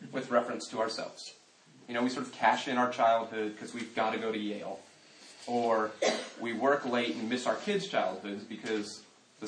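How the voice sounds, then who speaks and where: A man's voice: medium pitch, a little hiss or hum. Man, Christian talk, humorous then earnest, roomy hall, distant mic. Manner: humorous, shifting into quiet earnest reflection. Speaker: speaker giving a Christian talk. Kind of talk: conversational talk to a live audience.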